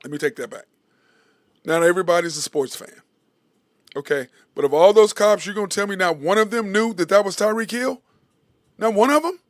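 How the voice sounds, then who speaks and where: A man with a high voice hosts a sports talk show and delivers a blunt, heated monologue, swearing as he goes. The recording is dry and close, with no room around him. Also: a little fast, no room sound. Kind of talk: opinionated monologue.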